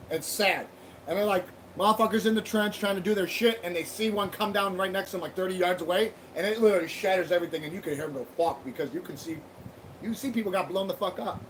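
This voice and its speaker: A man's voice: high-pitched, a little hiss or hum. A man hosting a livestream, ranting bluntly with heavy swearing and rambling restarts. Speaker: livestream host. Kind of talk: profane rambling monologue. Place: home livestream.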